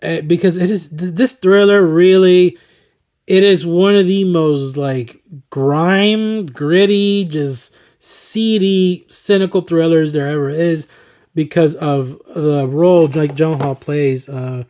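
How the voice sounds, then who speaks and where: A slightly hoarse man talking enthusiastically through his favorite movies, rambling with fillers and chuckles. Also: fairly high pitch, slow pace, dark tone. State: slightly hoarse, throat recovering. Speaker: movie collector and vlogger. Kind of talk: casual movie-ranking commentary.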